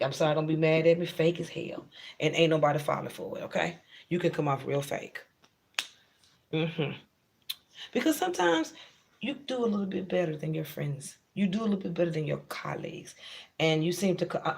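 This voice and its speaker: Tarot reader, gravelly voice, blunt, repetitive, slangy and frank. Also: medium pitch. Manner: blunt and repetitive, drives points home. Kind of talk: tarot reading addressed to viewers.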